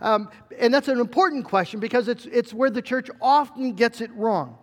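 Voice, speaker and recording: A man's voice: very high-pitched, moderate pace, in a large hall. A middle-aged male pastor preaching a sermon in an earnest way, with fillers and restarts.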